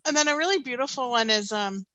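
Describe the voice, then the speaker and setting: A woman in her fifties, a canoe skipper, telling stories casually on a panel, animated, laughing often and filling pauses with ums. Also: on the high side, no room sound, rough recording.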